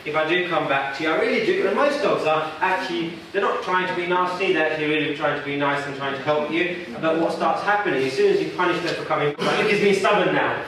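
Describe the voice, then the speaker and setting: A man's voice: a little high, fast, hardly any pauses, a bit bright, slight background noise. A male dog trainer leading a workshop, conversational and asking the audience questions. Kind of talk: workshop teaching. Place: workshop room. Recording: echoey room from far off.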